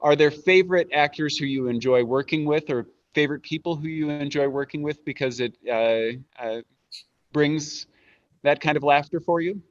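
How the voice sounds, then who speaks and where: A man hosting an interview, putting viewers' questions in a halting way with many restarts. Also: on the high side, no room sound, lo-fi sound. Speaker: host.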